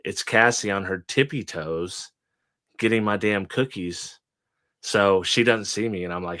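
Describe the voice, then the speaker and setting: A man's voice: fairly low pitch, unhurried, a bit bright, dry recording, clean studio sound. A man co-hosting a casual chat show, telling jokey stories. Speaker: podcast co-host.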